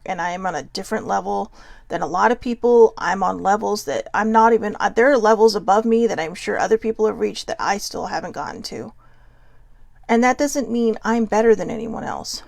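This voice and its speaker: A woman's voice: mid-range voice, gravelly, no echo. A woman vlogger talking earnestly to viewers, telling a personal story in a heartfelt, reflective way. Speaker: mental health vlogger.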